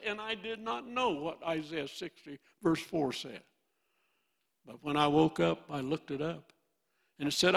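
Impassioned old man preaching, gravelly voice. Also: a little high, unhurried. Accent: Midwestern American. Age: 80s. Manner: impassioned, swinging from loud bursts to hushed storytelling. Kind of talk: sermon.

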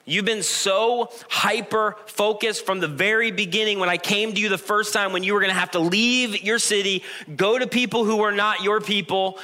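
God as a patient, fatherly man who presses a sulking prophet with earnest, pleading questions, as a pastor puts him on in a sermon. The voice is bright and a little high, close to the preacher's own. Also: fairly even intonation, moderate pace, few pauses.

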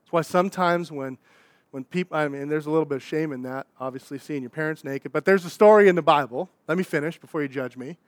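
A young adult pastor, preaching a sermon in a conversational, animated way, with asides and acted-out quotes. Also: male voice, fairly high pitch, fast, no room sound.

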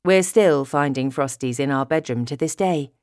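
Audiobook narrator, woman, low voice with lively swings, dry studio read. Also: moderate pace, smooth, no room sound. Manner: expressive, storytelling. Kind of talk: first-person audiobook narration.

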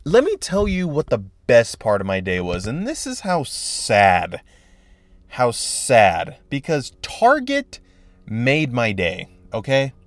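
A man's voice: mid-range voice, very animated, takes it slowly, no room sound. A man hosting a solo podcast, telling a long, rambling story about his day with lots of swearing and exasperation. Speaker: podcast host. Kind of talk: casual solo podcast rant.

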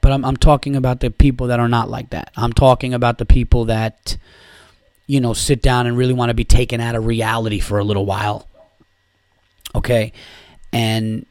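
A man's voice: mid-range voice, a little mellow, dry recording. A man hosting a podcast, ranting about sports in a sarcastic, profane way. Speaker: podcast host. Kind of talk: casual sports rant.

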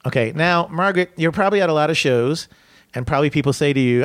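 A man telling an excitable, rambling story as a comedian on stage, often restarting his sentences. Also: fairly high pitch, fast, hardly any pauses, no room sound. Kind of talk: animated storytelling. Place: stage in front of an audience.

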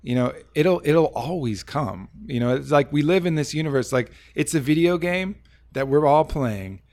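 A man's voice: a little high, animated, moderate pace, darkish tone. A man in casual podcast conversation, talking reflectively with many fillers and restarts.

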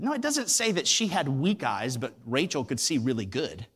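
A man's voice: a little high, sing-song, brisk, hardly any pauses, a bit bright, slightly rough. A man preaching a sermon, retelling a story with acted voices and emphatic repetition. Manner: emphatic, repeats words for weight. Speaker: pastor.

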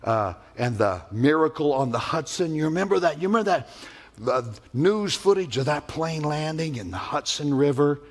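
A male pastor delivers an emphatic, animated sermon. His voice sits a bit higher than most men's, and he tells his stories vividly, with playful sound effects. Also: normal speed.

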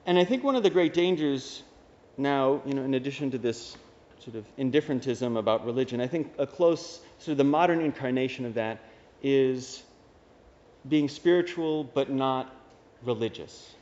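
A man's voice: medium pitch, normal speed, darkish tone, a little hiss or hum. A man, a Dominican priest, giving a homily in a casual, conversational way with wry asides. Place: church. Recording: dull reverberant church recording.

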